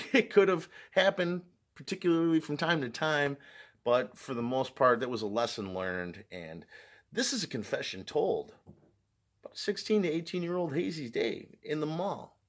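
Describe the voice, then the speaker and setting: A man's voice: a little high, lively intonation, moderate pace. A man vlogging, telling a personal story in a casual way, often laughing and using fillers like "like" and "you know".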